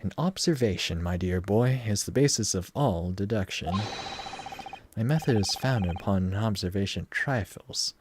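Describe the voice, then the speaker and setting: A man's voice: on the low side, normal speed, background noise, close to an everyday voice. A man doing a pompous famous detective. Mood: grandiose. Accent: attempted British slipping into Southern US. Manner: grandiose, theatrical, over-confident. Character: pompous self-proclaimed great male detective. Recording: game music underneath.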